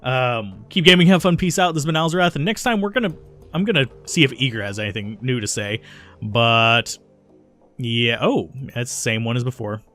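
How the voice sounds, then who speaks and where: A man's voice: medium pitch, lively intonation, moderate pace, fairly bright tone, soft background music. A man hosting a let's play, talking in a laid-back way and reacting with laughs and mild swearing. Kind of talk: casual gaming commentary.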